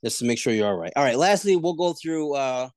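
A man's voice: fairly quick, no room sound. Man, sports podcast co-host, casual debate, voice leaps up when arguing, dry close sound. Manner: animated, pitch jumps high when arguing.

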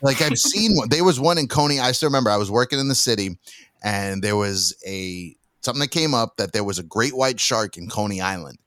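A man's voice: on the low side, fairly quick, dry recording, clean studio sound. A man telling stories in a casual podcast chat and acting out quotes along the way. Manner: animated storyteller, acts out quotes. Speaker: podcast guest.

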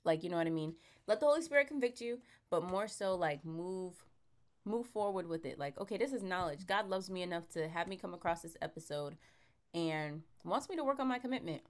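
A woman with a fairly low voice speaks to podcast listeners about faith. Her tone is encouraging and reflective, gently urging them forward. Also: animated, brisk.

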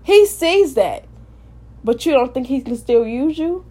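Woman, high voice, impassioned informal sermon, repetitive, loud then soft. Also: expressive, unhurried. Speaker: preacher.

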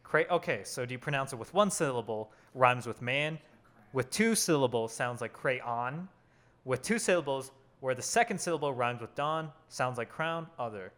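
A man's voice: mid-range voice, expressive, brisk, a bit bright. A young man in casual podcast chat, teasing and sarcastic.

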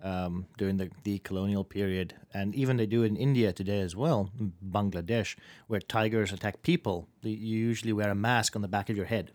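A man from South Africa co-hosting a podcast, telling stories with lively energy and stumbling restarts. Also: lowish voice, fairly quick, few pauses. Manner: lively storytelling, repeats words when starting. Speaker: podcast co-host. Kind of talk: casual chat.

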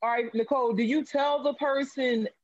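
A man's voice: extremely high pitch, steady tone, normal speed, muffled recording. A man chatting casually as a podcast co-host, slangy and emphatic, often affirming what others say. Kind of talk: casual chat.

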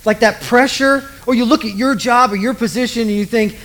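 A man's voice: very high voice, a little fast, a bit bright. A middle-aged man preaching a sermon in a casual, joking way, acting out the voices of the people he quotes. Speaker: pastor.

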